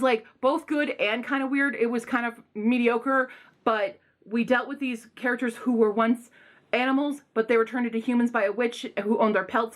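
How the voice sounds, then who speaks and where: Young woman rambling thru book reviews, kinda high voice, gets super excited n loud. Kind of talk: casual vlog book reviews.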